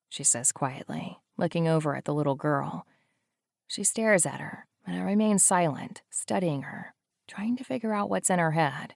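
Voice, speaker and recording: A woman narrating a dark thriller audiobook in first person, in a tense, low-key way. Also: measured pace, vocal fry, no room sound, studio quality.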